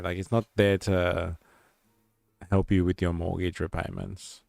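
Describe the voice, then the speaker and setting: A man's voice: low-pitched, little pitch movement, a little slow, creaky, a little mellow, no room sound. A young man with an Australian accent, chatting casually on a live stream and reading out viewer comments. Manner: rambling, reads chat aloud.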